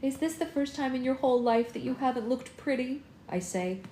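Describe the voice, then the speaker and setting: Mellow woman reading a novel aloud. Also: sits high, a little fast, a little hiss or hum. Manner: expressive, acts out the dialogue. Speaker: book club host reading aloud. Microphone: phone for a live stream. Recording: roomy room with faint ambience.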